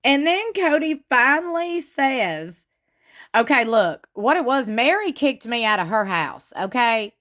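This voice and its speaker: A woman giving chatty, gossipy commentary on a reality show, retelling what was said with lively emphasis. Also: on the high side, measured pace. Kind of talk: casual commentary.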